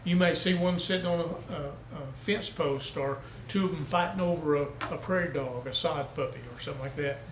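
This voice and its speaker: A man's voice: on the high side, fairly quick, hardly any pauses, a little hiss or hum. Country preacher guy telling folksy stories in a sermon, echoey sanctuary. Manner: folksy storytelling preacher, rising to emphatic peaks. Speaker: pastor.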